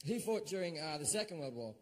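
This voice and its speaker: A middle-aged Australian man doing stand-up, telling a story in a profane, animated way and shouting out his own quoted lines. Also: on the high side, quick pace, slight background noise. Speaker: stand-up comedian.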